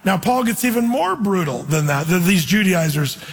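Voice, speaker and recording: A man's voice: high voice, animated, moderate pace, slightly rough, long reverb tail, poor audio. A man preaching an informal, earnest sermon in a church, quoting scripture and putting on voices to make his points. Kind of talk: conversational sermon.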